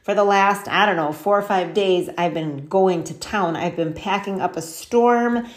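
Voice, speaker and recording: A woman's voice: medium pitch, measured pace. Chatty woman talking casually to listeners. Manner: chatty and candid, frequent fillers like "like" and "um"; animated storytelling with laughs and quoted asides. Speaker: podcast host. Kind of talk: casual solo monologue.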